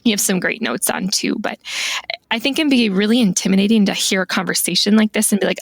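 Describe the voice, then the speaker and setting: A woman with a gravelly, fry-tinged voice, a little rough from the morning, chats casually as a podcast guest. She speaks thoughtfully and leans on "like" as she works through her ideas. The recording is close and dry. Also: medium pitch, lively intonation, quick pace, no room sound. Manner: thoughtful, lots of "like" fillers. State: morning voice, clearing throat. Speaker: guest stationery calligrapher.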